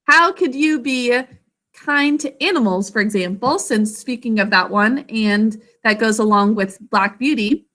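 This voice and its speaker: Bright-voiced woman teaching on a video call. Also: on the high side. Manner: encouraging, sounds out words slowly. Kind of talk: online class teaching.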